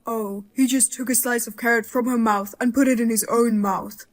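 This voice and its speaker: A woman's voice: a little high, fairly even intonation, normal speed, lightly acted. A woman voicing a blunt, outraged mother-in-law who jokes darkly and talks sharply. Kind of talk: dramatized story voice-over.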